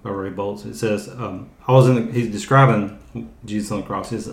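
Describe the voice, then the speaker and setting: A man hosting a faith podcast, talking in a plain, steady way. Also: on the low side, fairly quick, reverberant. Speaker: podcast host. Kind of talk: casual faith podcast talk.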